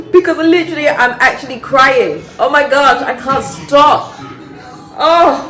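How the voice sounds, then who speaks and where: A middle-aged woman vlogger chats casually to camera in her home kitchen, exclaiming and speaking straight to her viewers in an expressive way. Her voice is high and a little slow, with faint music behind her and a roomy kitchen echo in the recording.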